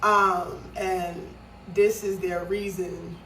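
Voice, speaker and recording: A woman's voice: on the low side, little pitch movement, extremely slow, sharp tone, slight background noise. A woman from Nigeria telling a story in a vlog, dramatic and emphatic, with many fillers. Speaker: vlogger. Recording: echoey room, mic at a distance.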